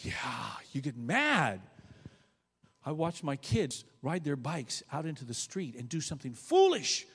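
A man preaches to his congregation in a slightly high, very lively voice. He swings between loud emphatic bursts and quiet asides. His voice rings with the long reverb of a large hall. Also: measured pace, slightly rough. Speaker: pastor. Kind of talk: sermon.

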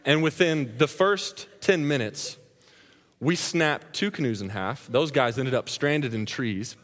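Animated preacher in a big hall. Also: male voice, mid-range voice, a little slow. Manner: animated storytelling, laughs through the story. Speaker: pastor. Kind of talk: sermon with personal story. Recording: long reverb of a large hall.

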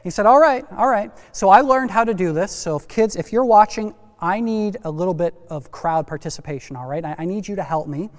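High-voiced preacher in a big reverberant hall. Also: male voice, a little fast, hardly any pauses. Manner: lively, talks to kids in the congregation. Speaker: pastor. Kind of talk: sermon.

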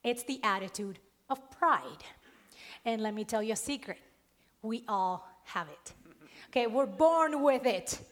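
A woman preacher with an accent, giving a sermon and telling a personal story in a lively way with frequent laughs. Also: a little high, measured pace. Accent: non-native accent. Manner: lively storytelling, laughs often, stresses key words.

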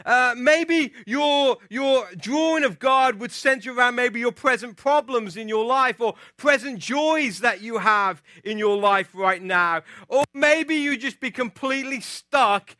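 A man preaching a sermon, telling a personal story in an animated, lively way. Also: extremely high pitch, unhurried, few pauses, dry recording, studio quality. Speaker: pastor.

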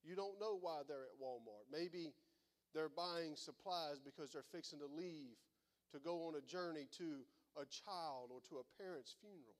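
Folksy preacher, higher voice. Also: male voice, normal speed. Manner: folksy, rambling, repeats words. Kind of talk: sermon storytelling.

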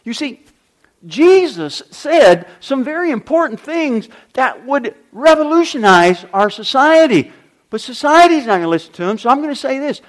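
A man's voice: very high-pitched, big pitch swings, moderate pace. An older man preaching a sermon as pastor, emphatic, with repeated refrains and rhetorical questions.

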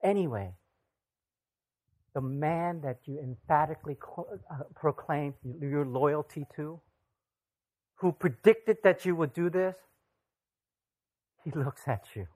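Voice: mid-range voice, takes it slowly, long pauses, a little mellow. Conversational pastor preaching a sermon. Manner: conversational, asks the audience rhetorical questions.

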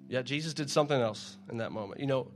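A man's voice: medium pitch, quick pace, faint music behind. A man preaching in a casual, conversational way, reading scripture aloud and often repeating his words as he goes. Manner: conversational, repeats words, acts out crowd shouts.

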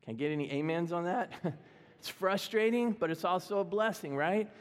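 A man's voice: sits high, moderate pace. A middle-aged man preaching a sermon as pastor, conversational, humorous and self-deprecating. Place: church sanctuary. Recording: long reverb of a church hall.

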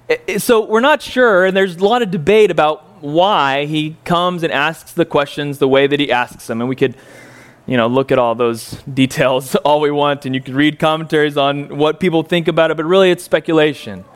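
Brief: male pastor, slightly high voice, relaxed folksy sermon delivery with joking asides. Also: normal speed, smooth. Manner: folksy, joking asides, frequent ums and uhs. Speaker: preacher. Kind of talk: conversational sermon.

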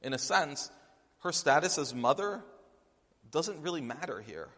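A man's voice: on the high side, very animated, measured pace, bright, forceful tone. A man preaching a sermon in a conversational, storytelling way, with frequent restarts. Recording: long hall reverb.

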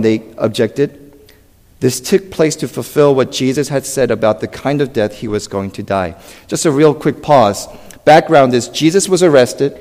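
A male pastor delivers a lively sermon, his pitch leaping around as he acts out the people in the story. He calls out questions to the congregation, and his voice rings with the long reverb of a church hall. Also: moderate pace.

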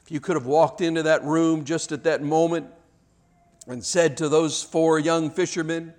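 A man preaching a sermon, telling a dramatic story and acting out the shouts of children. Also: on the high side, moderate pace.

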